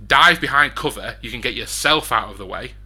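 A man narrating a tabletop western role-playing game as game master, chatty and quick to laugh. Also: medium pitch, pushed and bright. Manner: chatty, laughing, restarts often.

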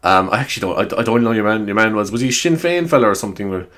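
A man's voice: on the low side, expressive, very fast, a bit bright. A man with an Irish accent hosting his solo podcast, chatting casually in a rambling, self-mocking way with frequent swearing. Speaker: podcast host. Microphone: new microphone.

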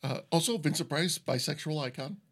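A man's voice: a little high, brisk, husky. A man co-hosting a casual podcast chat, talking loosely with lots of filler words and frequent laughter. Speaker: podcast co-host. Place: recording studio.

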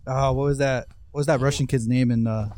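A man's voice: mid-range voice, steady tone, a little mellow, no echo. A young man co-hosting a podcast, telling profane stories in casual chat and acting out other people's lines. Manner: fast, profane, acts out voices in quotes. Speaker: podcast co-host.

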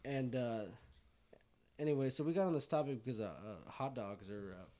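A man's voice: mid-range voice, moderate pace, warm tone. A man casually telling a rowdy story to friends, swearing and laughing as he goes.

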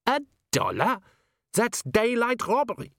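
A man's voice: very high-pitched, wildly swooping pitch, unhurried, vocal fry, fairly bright tone, dry recording, clean studio sound, voice pushed up, full character voice. A man reading an audiobook, voicing a greedy, blustering male butcher who sounds indignant and grasping. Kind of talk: audiobook character voice.

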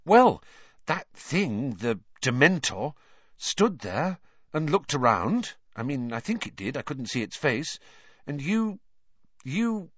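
A man's voice: on the high side, sing-song, slow, dry recording, voice pushed up, heavily acted. Ron, a man doing a nervous teen boy. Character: jittery scared teenage boy. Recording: dull lo-fi recording.

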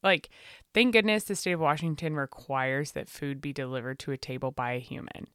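A woman with a low, smooth voice holds forth in casual podcast talk. She's blunt and profane. Her sound is close and dry. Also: fairly quick, a bit bright, dry recording. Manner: profane, opinionated, mimics people in high voices. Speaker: podcast co-host. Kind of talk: casual chat.

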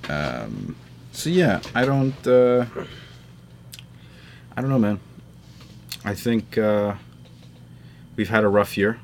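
A young man from the New York area with a lowish voice chats loosely on a podcast. He swears freely, trails off with "um" and "like", and keeps the talk relaxed and rambling. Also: takes it slowly, creaky, pauses often, a little hiss or hum. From New York tri-state area. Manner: casual, swears a lot, trails off with fillers. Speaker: podcast host. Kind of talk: casual group chat.

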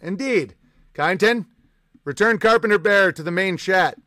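A man's voice: high-pitched, moderate pace, sharp tone, no echo, clean studio sound. A male livestream host ranting in casual talk, profane, combative and sarcastic. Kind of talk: ranting live-stream chat.

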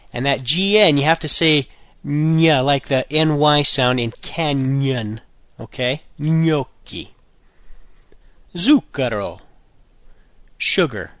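A man hosting a casual podcast lesson, saying each word and its meaning, then repeating it slowly, with jokey asides. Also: medium pitch, fairly bright tone, no room sound. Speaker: language podcast host.

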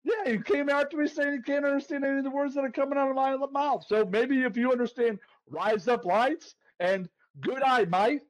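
A man co-hosting a sports betting podcast, brash and playful, who keeps calling people "baby" as he pitches his picks. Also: quick pace, few pauses, rough recording. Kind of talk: hyped-up betting picks chat.

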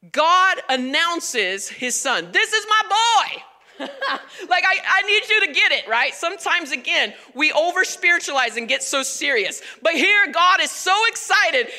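Bright-voiced woman pastor preaching. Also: high voice. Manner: animated, emphatic, conversational. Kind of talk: sermon. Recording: long reverb of a large hall.

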